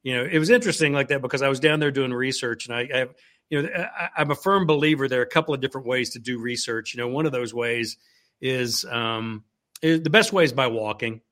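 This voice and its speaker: A man's voice: mid-range voice, fast, a bit bright. A man, an author, chatting casually with lots of fillers and then reading from his novel. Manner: rambling, fills with "you know" and "like that". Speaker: author guest.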